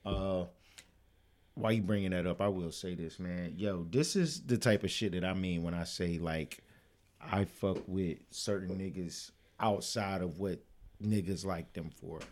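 A man co-hosting a podcast in casual, profane chat, animated and quick to laugh. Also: low voice. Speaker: podcast co-host.

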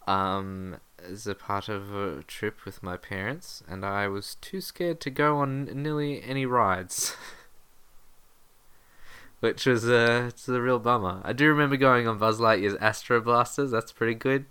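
A man's voice: medium pitch, measured pace, pushed and bright, smooth. A laid-back man co-hosting a casual podcast chat, laughing easily as he talks. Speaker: podcast co-host.

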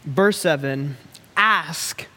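A man preaching a sermon in a lively, conversational way, repeating phrases for effect. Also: fairly high pitch, extremely slow, in a large hall. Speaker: pastor.

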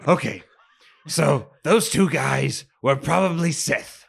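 A man with a deeply gravelly, rough voice, speaking in character during a tabletop game. He talks hesitantly, with many fillers and restarts. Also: a little slow, a bit bright. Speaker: player.

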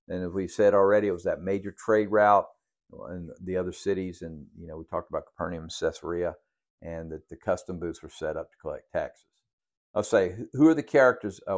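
Deep-voiced man teaching a Bible study. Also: a little mellow. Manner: works through numbered study questions, with restarts. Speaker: pastor leading a Bible study. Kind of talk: sermon.

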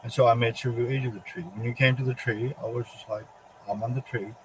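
A man's voice: medium pitch, fairly even intonation, fast talker, background noise, natural voice. A man voicing Satan as a gloating, boastful male devil in a spoken religious monologue, taunting and self-satisfied.

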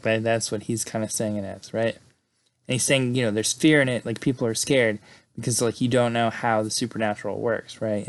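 A man talks through a story in a relaxed, rambling recap. He strings events together with "and then" and leans on "you know" and "like". His voice sits at a middling pitch for a man. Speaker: film recap host. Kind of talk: casual plot recap.

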